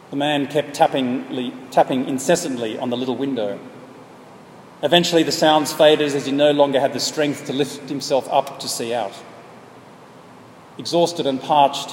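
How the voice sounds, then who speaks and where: A male preacher narrating a story with earnest, measured delivery. His voice sits mid-range. It echoes through a large hall with faint noise behind. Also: medium pitch. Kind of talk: sermon storytelling.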